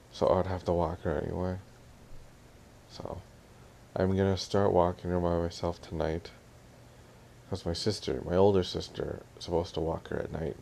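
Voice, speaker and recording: A young man with a very low, gravelly voice rants into his audio vlog, irritated and sarcastic. He imitates his family in quoted lines. Faint hiss sits behind him. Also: warm tone. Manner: annoyed, ranting, mimics family in quotes. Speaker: vlogger.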